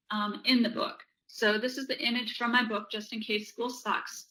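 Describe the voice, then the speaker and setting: Energetic woman teaching a technique. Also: mid-range voice, poor audio. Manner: energetic, checks in with "right?". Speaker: presenter and author. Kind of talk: instructional presentation.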